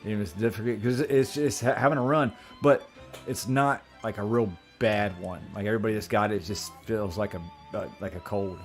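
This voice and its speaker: A man co-hosts a podcast in a relaxed, laid-back way. His voice sits on the low side, and faint music plays behind him. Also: a little fast. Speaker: podcast co-host. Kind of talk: casual chat.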